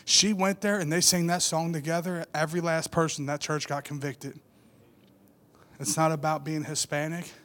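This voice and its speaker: A man in his thirties giving an animated sermon testimony, building from quiet storytelling to loud emphatic peaks. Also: a little high, normal speed. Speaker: church speaker.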